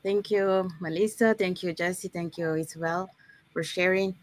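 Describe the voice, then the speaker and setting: Woman, lower voice, live workshop presenter, explanatory, checks in with "okay?". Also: fairly even intonation, normal speed. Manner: unscripted, with fillers and restarts.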